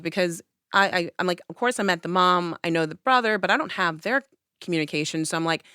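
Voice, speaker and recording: Animated lower-voiced woman telling a story. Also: fairly quick, smooth, no room sound, studio quality. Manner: animated storyteller who acts out her own past lines. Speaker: podcast host. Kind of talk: casual chat, personal storytelling. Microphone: studio podcast mic.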